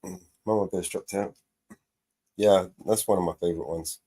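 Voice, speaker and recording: A man's voice: sits low, fairly even intonation, moderate pace, dark tone, husky. A man co-hosting a casual live stream, laughing often and stumbling over his words. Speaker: co-host.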